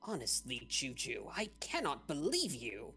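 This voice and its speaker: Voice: medium pitch, wildly swooping pitch, measured pace, sharp tone, a little hiss or hum, heavily acted. A game master voicing an arrogant young male dragonborn fighter who talks in an indignant, bossy way.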